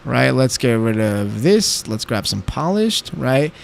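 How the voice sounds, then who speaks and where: A man's voice: medium pitch, sing-song, slow pace, creaky, slight background noise. A young man streaming a game, chatting casually and talking back to his chat while he builds. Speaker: livestreamer.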